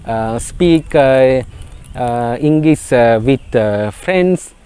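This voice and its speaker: Slow, halting Sri Lankan man teaching. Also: mid-range voice, lively intonation, mellow, smooth. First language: Sinhala. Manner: halting, many fillers and repeats. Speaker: English teacher. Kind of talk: beginner spoken English lesson.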